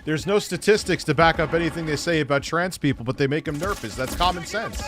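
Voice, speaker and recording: A man's voice: a little high, fast talker. A man co-hosting a live stream, cracking crude jokes while he plays a shooter game. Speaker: co-host gaming on stream. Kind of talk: casual live-stream banter.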